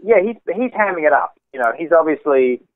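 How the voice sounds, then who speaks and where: A man's voice: on the high side, lively intonation, brisk, no echo. Australian man on a tinny phone line. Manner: chatty, laughing easily, multitasking. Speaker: guest musician. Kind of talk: casual interview chat.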